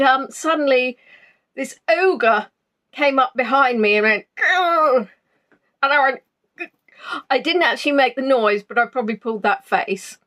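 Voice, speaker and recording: Chatty, jolly higher-voiced Englishwoman. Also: a bit bright. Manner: chatty and jolly, greeting viewers by name, many ums. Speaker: online tour guide. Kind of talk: casual pre-tour chat on a live stream. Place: spare room at home.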